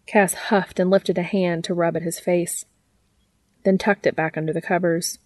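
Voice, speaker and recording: A woman reading fan fiction aloud as the narrator, in an even, measured, intimate way. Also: fairly low pitch, no echo.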